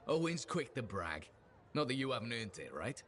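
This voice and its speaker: A man's voice: mid-range voice, measured pace, slight background noise. An actor playing an upbeat man who runs a crew's books, telling stories in video game dialogue in a chatty, friendly way. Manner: chatty, friendly, animated storyteller.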